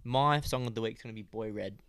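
A man's voice: lowish voice, quick pace, a crowd in the background. A young man hosting a podcast in a laid-back, slangy chat. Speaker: podcast host. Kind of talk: casual chat.

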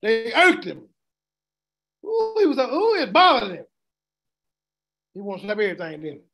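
A man's voice: very high-pitched, very animated, normal speed, gravelly, a bit bright. A man preaching an interactive Bible teaching, asking the congregation questions and repeating words as he reads scripture. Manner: call-and-response questioning, stammering repeats. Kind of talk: interactive sermon.

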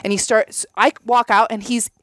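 A woman chatting casually on a podcast, telling an animated story, acting out the voices of the people in it and laughing and swearing often. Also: on the high side, normal speed, no echo.

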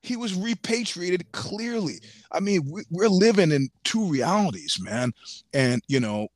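Animated storytelling man, dry close sound. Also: sits high, unhurried, no room sound. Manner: animated storyteller, laughs often, swears freely. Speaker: podcast guest. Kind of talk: casual storytelling chat.

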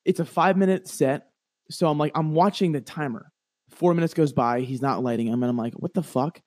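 Animated young man telling stories. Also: a little high, a little fast, dry recording. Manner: animated storytelling, acts out other voices. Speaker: comedian guest. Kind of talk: casual podcast chat.

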